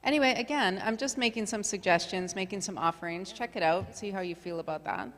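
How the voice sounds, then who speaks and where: A middle-aged woman leading a community workshop in a relaxed, chatty way, full of fillers and asides. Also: mid-range voice, brisk. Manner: chatty, filler-heavy, conversational. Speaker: workshop facilitator. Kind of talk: casual workshop presentation. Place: community meeting hall. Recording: long hall reverb.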